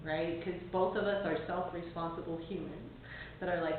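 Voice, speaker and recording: A woman's voice: on the low side, steady tone, moderate pace. A woman breathwork teacher in a casual group talk, laughing often and quoting conversations. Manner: warm-hearted, laughs often, quotes conversations. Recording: tinny, echoey, from far off with faint hiss.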